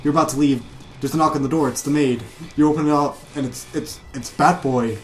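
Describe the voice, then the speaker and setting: A man's voice: fairly high pitch, fairly even intonation, a little fast. A man co-hosting a casual comedy chat and spinning long improvised stories. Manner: rambling improvised storytelling. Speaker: podcast co-host.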